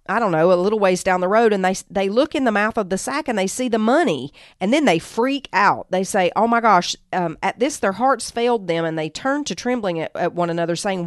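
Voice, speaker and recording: A woman's voice: mid-range voice, no room sound, studio quality. A woman podcast host retelling a Bible story in a conversational teaching style, reading quoted lines and adding asides.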